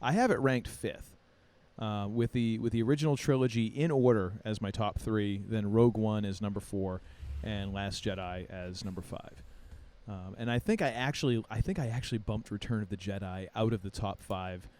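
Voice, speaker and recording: A man hosting a casual podcast chat, talking in an animated, playfully contrarian way with many restarts. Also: lowish voice, moderate pace. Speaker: podcast host.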